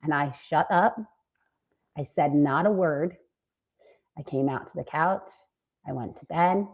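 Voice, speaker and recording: A woman co-hosting a podcast and telling a story in a casual, animated way, swearing freely. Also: low-pitched, measured pace, muffled recording. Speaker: podcast co-host.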